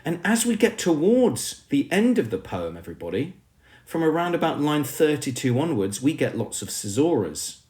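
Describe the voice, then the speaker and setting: A man's voice: a little high, sing-song, normal speed, a little mellow. A male teacher with an English accent giving an emphatic poetry lesson, often calling the class "everybody".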